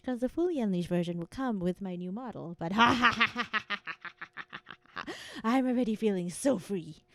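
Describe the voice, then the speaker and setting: A woman's voice: medium pitch, dry recording. A young woman streamer chatting casually with her viewers, playful and giggly, teasing them in a mock-menacing eldritch persona. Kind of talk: casual live-stream chat with chat.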